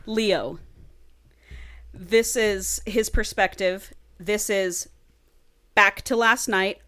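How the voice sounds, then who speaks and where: A woman's voice: mid-range voice, steady tone, very slow, sharp tone. A woman casually retelling a book's plot on a podcast, swearing freely and acting out the characters' lines. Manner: chatty, swears freely, acts out dialogue. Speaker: podcast co-host.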